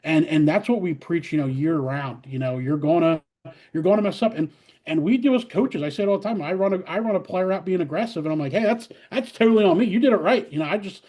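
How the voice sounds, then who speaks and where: A middle-aged man who coaches college softball talks casually with a fairly high voice. He tells stories with lots of fillers and acts out his players' lines. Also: fast. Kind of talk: casual interview talk.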